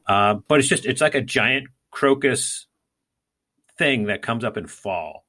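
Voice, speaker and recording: A man's voice: medium pitch, measured pace, sharp tone. A man co-hosting a podcast, talking casually and rambling with many fillers and restarts. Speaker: podcast co-host. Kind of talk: casual gardening chat.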